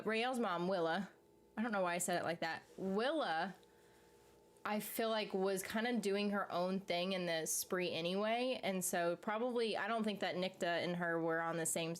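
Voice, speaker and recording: A woman talks loosely on a live stream, reading out viewer comments and reacting in a rambling, conversational way. She laughs often and drifts between thoughts. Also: fairly low pitch. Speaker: YouTube streamer reading chat. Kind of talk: casual live-stream chat about a TV series.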